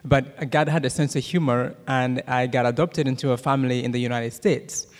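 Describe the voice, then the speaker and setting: A man in his thirties from Rwanda with a Rwandan accent gives a church testimony and prayer, talking fast with many "uh" fillers and jokes with the audience. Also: mid-range voice, fairly even intonation. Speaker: guest speaker giving a testimony. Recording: long hall reverb.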